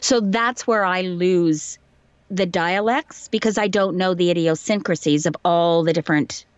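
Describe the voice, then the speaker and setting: A woman's voice: on the low side, a little slow, clear, resonant tone, no room sound, dull audio. Woman with light received pronunciation. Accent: light received pronunciation English. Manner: chatty, self-deprecating, explains with examples. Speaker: voice actor guest. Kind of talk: casual interview chat.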